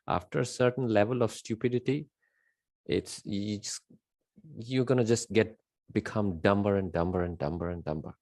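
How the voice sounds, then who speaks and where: A man's voice: lowish voice, moderate pace, pauses often, a little mellow, no echo, studio quality. A man giving an unscripted spiritual monologue, emphatic and rambling, repeating his key words with many fillers. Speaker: spiritual teacher.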